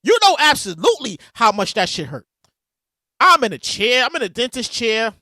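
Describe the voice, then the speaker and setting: A man hosting his podcast, telling stories in a loud, animated casual monologue. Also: extremely high pitch, normal speed, no echo, studio quality. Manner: animated, loud storytelling with bursts of shouting. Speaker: podcast host. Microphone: podcast mic with a soundboard.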